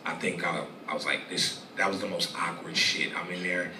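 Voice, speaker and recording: A young man telling a personal story as a guest in a live interview, rambling and profane with halting restarts. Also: low-pitched, steady tone, noisy background. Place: live venue stage. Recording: echoey room, distant mic, audience ambience.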